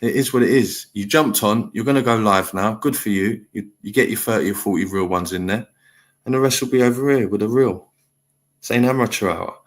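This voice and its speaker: A man's voice: fairly low pitch, a little fast. A middle-aged man hosting a live stream panel, talking bluntly and lecturing in a heated chat.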